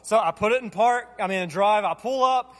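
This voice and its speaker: Male pastor in his thirties, high voice, animated self-deprecating storytelling sermon, long reverb of a large hall. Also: brisk.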